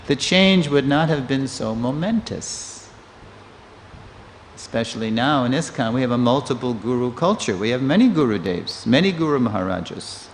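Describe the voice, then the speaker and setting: Man, 60s, scripture class lecturer, storytelling, acts out quotes, mid pitch, reverberant temple hall. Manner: lively storyteller who acts out quoted speakers. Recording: long reverb of a hall, faint noise.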